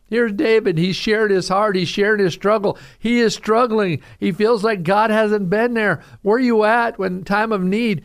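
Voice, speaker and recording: Earnest gravelly-voiced male pastor. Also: high voice, measured pace. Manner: earnest and preaching, addresses listeners as folks. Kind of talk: radio sermon.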